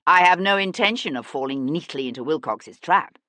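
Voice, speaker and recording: A woman voicing an intense, earnest young aristocrat detective who speaks low and urgently and swears when angry. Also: lively intonation, brisk, sharp tone, no echo. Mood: bitter.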